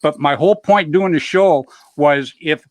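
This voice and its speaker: A middle-aged man hosts a casual chat show, spinning loose, rambling stories and poking fun at himself. His voice sits a bit high for a man and sounds dry and close, with no room echo. He leans on "you know" constantly. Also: a little slow. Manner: upbeat, jokes about himself. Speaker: show host.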